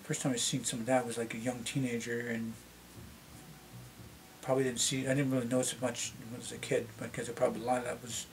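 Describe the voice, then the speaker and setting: Speaking quickly and flatly, this Canadian vlogger, a middle-aged man with a somewhat deep voice, chats to camera. He rambles with many false starts, and a slight hiss or hum runs underneath.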